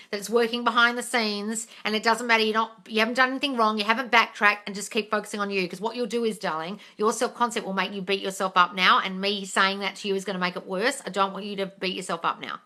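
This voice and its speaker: A woman hosting a live question-and-answer stream, talking bluntly and with swearing, calling viewers darling and swinging between soft coaxing and excited squeals. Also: mid-range voice, fast, few pauses. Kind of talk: casual live chat.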